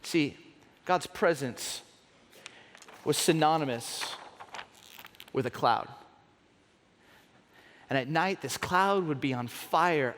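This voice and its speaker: A man preaching a sermon as a pastor, telling stories with an animated delivery and dramatic pauses, in a large church auditorium. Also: a little high. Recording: long hall reverb.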